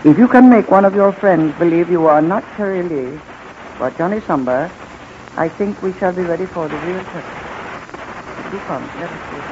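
A man playing a formal, measured general. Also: sits high, lightly acted. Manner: slow, formal and courteous. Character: stately, formal male general, composed and measured. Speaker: radio drama character. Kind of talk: 1940s radio acting. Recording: muffled old radio recording with faint hiss.

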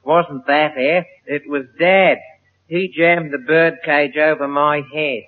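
A man playing a dim-witted young fiancé in a radio comedy, dopey and slow-witted. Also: on the high side, steady tone. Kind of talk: 1950s radio comedy acting. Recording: tinny old radio broadcast.

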